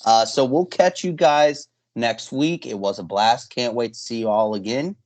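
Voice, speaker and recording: Speaking at a moderate pace with a medium-pitched, darkish voice, a young man hosts a podcast. He chats casually and wanders from point to point, hesitant and heavy on fillers, his thoughts often trailing off.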